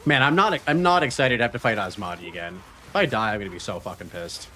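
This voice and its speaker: A man's voice: on the low side, fast talker, bright, forceful tone, a little hiss or hum. A man streaming a video game, chatting casually, joking and laughing often as he reads chat messages aloud.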